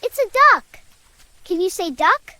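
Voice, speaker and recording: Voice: very high voice, expressive, a little slow, pushed and bright, a little hiss or hum, full character voice. A performer voicing a cheerful little cartoon kid who teaches toddlers animal names in a sing-song way and asks them to repeat the words. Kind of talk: children's educational cartoon narration.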